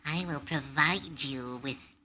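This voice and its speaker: A woman voicing an ancient mad male wizard, speaking slowly and theatrically, as in a tabletop game. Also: sits low, sharp tone, slight background noise, exaggerated voice. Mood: grandiose. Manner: slow, theatrical, lordly.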